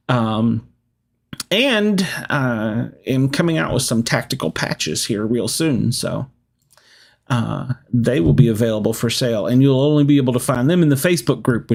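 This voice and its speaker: Podcast host guy, gravelly voice, rambly, laughs a lot. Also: mid-range voice. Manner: rambling, laughs often, lots of fillers. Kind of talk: casual live-stream chat.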